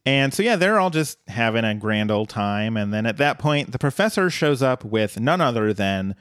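Smooth-voiced man recapping casually. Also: mid-range voice, big pitch swings, moderate pace, fairly bright tone, no room sound, studio quality. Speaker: podcast co-host. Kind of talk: casual episode recap chat.

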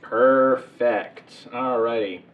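A man's voice: medium pitch, fairly even intonation, extremely slow, noisy background. A man narrating as game master of a tabletop game, in a loose, rambling way full of fillers. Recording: distant, echoey, muffled mic.

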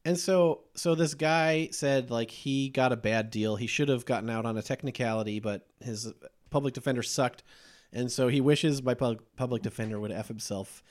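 A man's voice: medium pitch, moderate pace. A man hosting a podcast, chatting casually about horror movies and laughing often as he retells scenes. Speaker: podcast host. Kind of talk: casual movie review chat.

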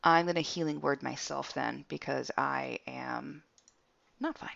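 A woman's voice: a bass voice, measured pace, creaky, fairly bright tone, lo-fi sound. A woman playing in a tabletop game, hesitant and fumbling, checking on her fellow players.

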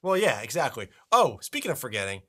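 Teasing man with a bright lively voice. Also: mid-range voice, fast talker. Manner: teasing, joking, swears a lot. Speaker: podcast co-host. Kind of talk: casual chat.

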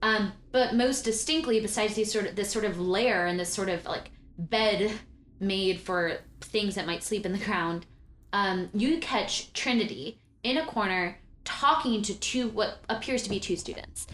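A woman's voice: medium pitch, measured pace, fairly bright tone, slight background noise. A woman narrating a tabletop game as game master, casual and full of fillers. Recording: roomy echo, faint background.

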